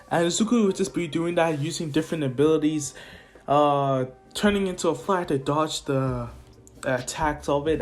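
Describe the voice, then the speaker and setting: A young man, the channel's host, casually narrating a fan story in a rambling, laid-back, jokey way. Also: a little high.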